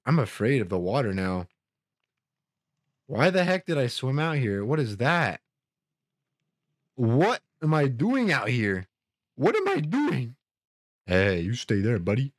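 A young man narrating his own video game run in a playful, easily spooked way, gasping at surprises and joking to himself. His voice leaps up and down, while the pace stays slow and drawn out. The sound is dry and close, with no room echo. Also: mid-range voice, huge pitch swings. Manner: goofy, easily startled, jokey self-talk with gasps. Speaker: gaming YouTuber. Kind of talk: Minecraft let's play commentary.

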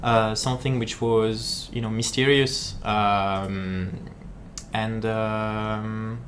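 A man speaking as a game designer, giving chatty, halting live-stream commentary while he plays, full of fillers and repeated words. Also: lowish voice, little pitch movement, fairly bright tone, slight background noise. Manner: chatty and jokey.

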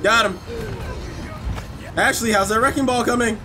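A man streaming a horror game, reacting with loud, swearing outbursts and sarcastic commentary. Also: very high-pitched, moderate pace, noisy background. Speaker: gameplay streamer. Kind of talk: excitable let's-play commentary.

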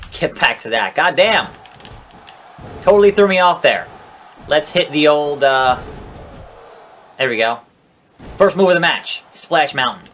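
A man giving casual gameplay commentary as a let's play gamer, joking around, getting excitable and swearing freely. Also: on the high side, slight background noise.

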